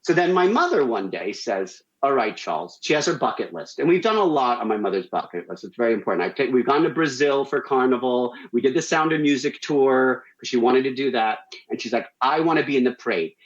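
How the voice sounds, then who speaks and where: A man telling a story on a radio show, animated and acting out the people he quotes. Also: a little fast, few pauses, echoey room, highs cut off. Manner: animated, acts out quotes with big pitch jumps. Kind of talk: casual storytelling.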